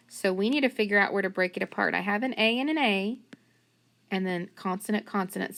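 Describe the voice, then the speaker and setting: Teacher lady going over phonics slow and patient, bit of fry in her voice. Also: mid-range voice, fairly bright tone. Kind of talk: phonics lesson.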